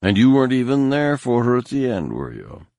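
A man doing a cold, calm, taunting schemer. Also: medium pitch, brisk, no room sound, clean studio sound, pitched above the performer's own voice. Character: cold, contemptuous male schemer, calm and cruel.

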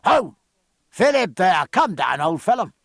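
A man's voice: sing-song, moderate pace, fairly bright tone, breathy edge, no echo, studio quality, full character voice. A man reading as a bluff, hearty naval captain. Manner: bluff, booming, old-fashioned sailor's talk.

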